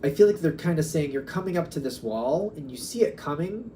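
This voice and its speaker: Musing man giving a mellow tarot reading. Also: fairly high pitch, lively intonation, a little fast, a little hiss or hum. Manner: musing, wandering, acts out quoted back-and-forth exchanges. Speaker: tarot reader.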